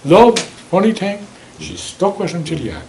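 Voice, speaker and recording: A man's voice: high voice, lively intonation, moderate pace, gravelly, darkish tone, a little hiss or hum, low-quality recording. A man with an Irish accent giving a local history talk with slides, telling stories in a chatty, wry way. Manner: anecdotal, chatty, wry asides.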